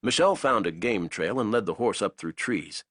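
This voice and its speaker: A man narrating an action audiobook in a dramatic, expressive way. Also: lowish voice, moderate pace, no room sound, studio quality.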